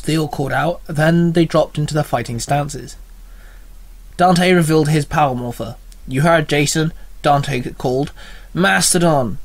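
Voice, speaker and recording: A man's voice: fairly high pitch, no room sound. A man reading a fan story aloud as narrator.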